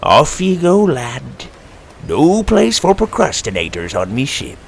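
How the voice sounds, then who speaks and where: A man voicing a gruff, scowling pirate captain in a storybook reading, scolding in a thick pirate dialect. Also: on the high side, huge pitch swings, a little slow, slight background noise, pitched above the performer's own voice, heavily acted. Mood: cold. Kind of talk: storybook narration.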